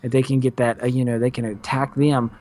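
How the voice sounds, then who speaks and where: A man's voice: medium pitch, level tone, brisk, warm tone. A man co-hosting a casual recap chat, talking in a laid-back, rambling way with plenty of fillers. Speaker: podcast co-host.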